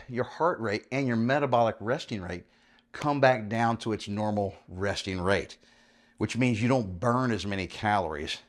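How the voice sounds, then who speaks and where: A man in his fifties, a fitness coach talking casually through a home workout, counting reps aloud and laughing easily. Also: lowish voice. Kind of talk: home workout vlog with instruction.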